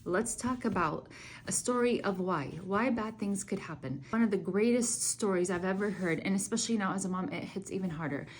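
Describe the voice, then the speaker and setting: A woman's voice: medium pitch, a little fast. An earnest young woman tells a religious story and then reflects on it in a heartfelt way. She talks casually, with plenty of "like" and "you know" as she goes. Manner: earnest, conversational, many fillers. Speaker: Islamic speaker.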